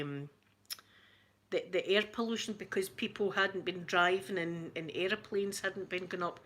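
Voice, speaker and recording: Here the Scottish ASMR channel host talks casually to viewers, rambling and frequently laughing. Her mid-range voice has a fairly bright tone, accompanied by a little hiss or hum.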